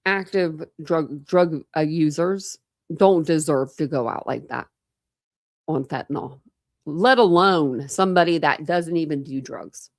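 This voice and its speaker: A woman's voice: lowish voice, no room sound, clean studio sound. A woman hosting a true crime channel, chatting casually and rambling to her live chat.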